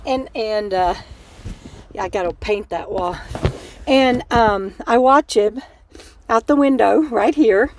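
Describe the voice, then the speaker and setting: A woman's voice: a little high, slow pace, pauses often, a little mellow, slight background noise. Chatty woman in her sixties. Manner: chatty, talks to viewers and her dog. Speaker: host of a live coffee chat stream. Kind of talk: casual livestream chat. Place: at home indoors.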